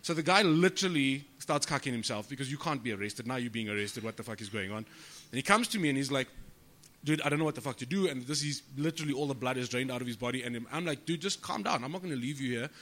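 A man, a comedian guest, telling stories on a podcast in an animated way, swearing freely and acting out the people he quotes. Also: medium pitch, fast talker. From South Africa. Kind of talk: storytelling podcast chat.

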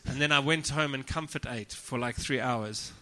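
A South African man, a comedian guest, telling stories in a deadpan, profane, self-mocking way in a casual podcast chat. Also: medium pitch, moderate pace.

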